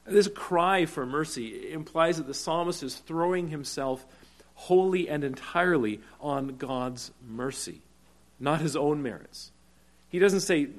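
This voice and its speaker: A male preacher delivering a sermon at an unhurried, deliberate pace. His voice sits at an ordinary middle pitch, and he leans hard on key words for emphasis. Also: animated. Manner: deliberate, slowing for emphasis, rising to urgent cries. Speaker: pastor.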